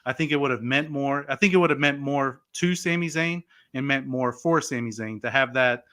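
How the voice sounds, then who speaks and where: A man co-hosting a casual podcast, talking in an animated way with lots of "like" and "you know". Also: mid-range voice, normal speed. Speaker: podcast co-host. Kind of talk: casual wrestling podcast chat.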